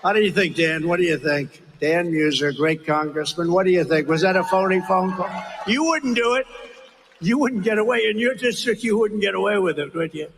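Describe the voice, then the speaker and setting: Older man booming through rally reverb. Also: fairly quick, noisy background. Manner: rambling, repetitive, emphatic. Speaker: political rally speaker. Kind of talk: rally speech. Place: large campaign rally venue. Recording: long reverb of a rally hall.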